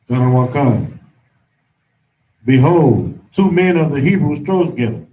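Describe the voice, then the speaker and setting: A man reading scripture aloud to a class, slow and halting. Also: mid-range voice, big pitch swings, warm tone. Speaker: student reader. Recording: roomy, distant, faint background noise.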